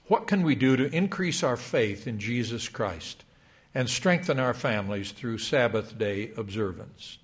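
An older man preaching a sermon. His pitch rises and falls freely as he reads scripture and quotes in a measured, emphatic cadence. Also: lively intonation. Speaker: church speaker.

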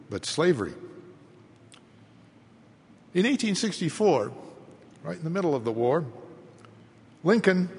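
A man giving a measured history lecture, rising in emphasis as he reads out quotations. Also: a little high, long reverb tail. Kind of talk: lecture delivered to an audience.

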